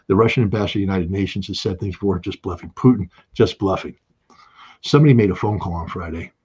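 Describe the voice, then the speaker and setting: Husky, emphatic man in a political monologue. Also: low-pitched, muffled recording. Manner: emphatic, repetitive, rising to forceful outbursts. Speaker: political commentator.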